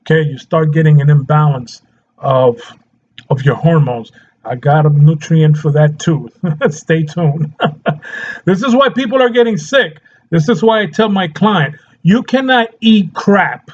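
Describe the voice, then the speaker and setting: A man's voice: on the high side, unhurried, a little mellow, lo-fi sound. A man talking casually as a nutrition coach, chatty, laughing often and checking in with his listeners as he goes. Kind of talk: casual health talk to camera.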